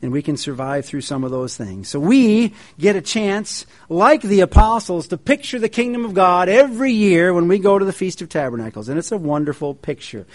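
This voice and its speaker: Brief: middle-aged male pastor, high voice, folksy anecdotal sermon delivery. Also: brisk, hardly any pauses. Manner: folksy storytelling, animated quoted voices. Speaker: pastor and feast coordinator.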